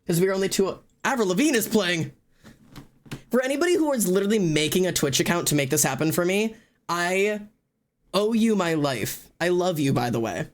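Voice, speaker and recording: A streamer chatting casually and loudly to live viewers, rambling and poking fun at themself. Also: medium pitch, lively intonation, brisk. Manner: loud, rambling and self-mocking. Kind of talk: casual livestream chat to viewers.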